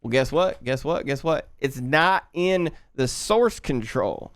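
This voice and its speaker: A man's voice: mid-range voice, animated, slow, no echo. A man putting on an exaggerated Southern redneck accent while live coding and talking to his chat. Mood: playful. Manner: loud, playful, drawling, talking to chat. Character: exaggerated Southern redneck coder, male, boastful and folksy. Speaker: livestreaming programmer.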